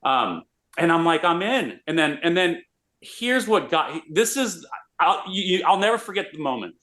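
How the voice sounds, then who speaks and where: A man, a radio host, telling an animated story in a casual interview. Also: a little high, moderate pace. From Austin, Texas. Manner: animated, excitable storyteller with many restarts.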